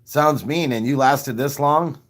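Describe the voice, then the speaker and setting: Speaking unhurriedly in a mid-range voice, a man tells crude, self-mocking stories on a live stream. He laughs at his own jokes in between coughing fits.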